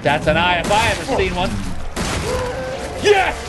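A man giving let's play commentary, excitable, shouting and swearing at the screen as he plays. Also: high voice, fast talker, very noisy. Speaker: gaming channel host. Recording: game music playing under the voice.

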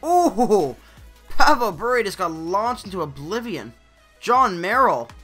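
A young man hosting a gaming channel, giving casual live commentary on his own hockey game and swinging between loud outbursts and low mutters. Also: lively intonation, measured pace, soft background music.

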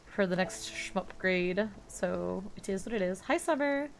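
A woman's voice: mid-range voice, expressive, unhurried, creaky, a little hiss or hum. Chatty young woman narrating gameplay. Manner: chatty, frets aloud, hums along. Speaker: let's play streamer. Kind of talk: casual gameplay commentary.

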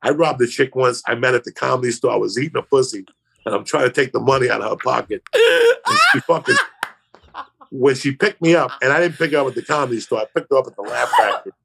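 A comedian guest on a podcast tells a profane, rambling story, acting out the other people's voices. His gravelly, husky voice sits at medium pitch, and he's very animated, fast and a bit bright.

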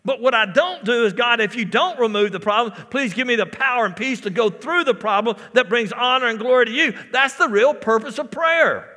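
High, bright-voiced preacher. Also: male voice, lively intonation, a little fast, few pauses, long reverb tail. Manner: preaching with repetitions and call-outs to the congregation. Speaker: pastor. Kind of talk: sermon. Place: church sanctuary.

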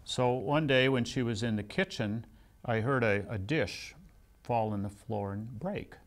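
With a mid-range voice and measured pace, an older American man lectures at a seminary in a casual, conversational way. He shares stories from his own life, often turning the humor on himself.

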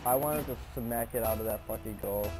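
A man's voice: medium pitch, brisk, over music. A man chatting casually while playing an online game on a headset mic, exasperated, swearing and teasing a friend in mock anger. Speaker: gamer. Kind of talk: casual gameplay chat.

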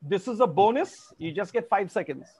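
A man's voice: high-pitched, lively intonation, normal speed, darkish tone, husky. A man hosting an online family quiz over a video call, formal and polite, calling players sir. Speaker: quizmaster.

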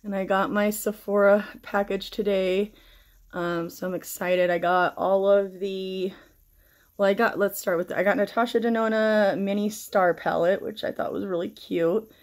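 A woman's voice: medium pitch, steady tone, normal speed. A middle-aged woman chatting casually through a makeup tutorial, rambling and swearing freely while shaken and stressed. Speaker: makeup vlogger.

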